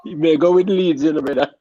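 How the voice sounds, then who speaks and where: Man, drawling patois, slightly high pitch. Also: mellow, no room sound, dull audio. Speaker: panelist. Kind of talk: casual chat.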